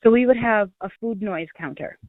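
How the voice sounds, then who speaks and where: A woman's voice: medium pitch, lively intonation, dry recording. A woman hosts a casual chat, joking and laughing easily. The audio is dry and narrow, like a phone line. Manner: chatty and joking, quick laughs. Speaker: channel host.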